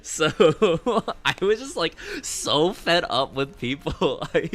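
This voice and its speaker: A man streaming a game while telling a long story in an animated, chatty way, laughing often, swearing, and leaning on lots of fillers. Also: on the high side, a little slow. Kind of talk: casual storytelling while gaming.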